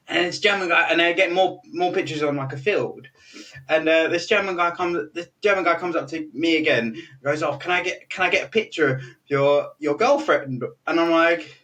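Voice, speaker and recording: A young British man telling funny stories in a relaxed chat, laughing and acting out what people said. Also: a little high. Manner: chatty, laughing storyteller, full of fillers and quoted voices. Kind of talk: casual anecdote telling. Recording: voice a bit distant from the mic.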